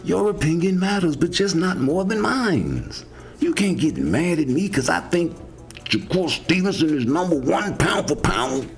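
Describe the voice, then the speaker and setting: A middle-aged man ranting in a swaggering, profane way, swinging between low mutters and high yelps. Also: very animated, normal speed, creaky, soft background music. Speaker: boxing opinion vlogger. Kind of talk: casual profane rant.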